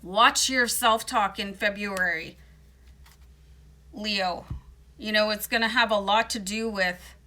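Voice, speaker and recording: Woman tarot reader, bright forceful tone, slight morning voice, talks in a loose, reassuring way. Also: mid-range voice, slow pace, long pauses. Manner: chatty, reassuring, many fillers. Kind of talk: casual tarot card reading.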